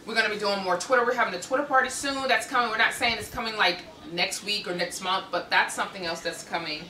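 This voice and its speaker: An American woman hosting a casual ministry chat, talking in an animated way and laughing often. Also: medium pitch, quick pace, a little hiss or hum. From United States. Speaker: ministry host. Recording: echoey room, mic at a distance.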